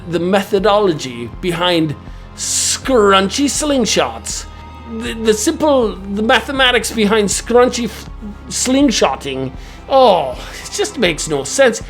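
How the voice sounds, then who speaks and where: Boastful theatrical man, lively high voice. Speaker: comedic vlogger. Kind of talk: absurd comedic character monologue.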